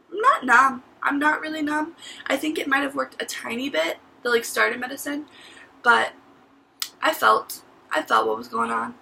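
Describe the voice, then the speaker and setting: A woman's voice: on the high side, creaky, bright, forceful tone, slight background noise, rough recording. A teenage woman telling her story to camera in a casual vlog, chatty and full of "like" and "literally.". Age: teens. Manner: chatty, says "like" and "literally" a lot. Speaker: vlogger.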